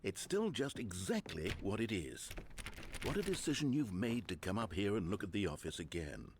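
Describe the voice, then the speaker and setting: A man's voice: lowish voice, big pitch swings, moderate pace, background noise. A man voicing the sardonic male narrator of a game, speaking scripted lines with dry, mock-awed sarcasm. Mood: sarcastic.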